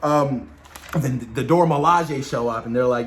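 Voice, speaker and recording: A man hosting a casual spoiler discussion of a TV episode, talking excitedly in slang straight to his viewers. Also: medium pitch, normal speed, background noise. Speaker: video host reviewing a TV episode.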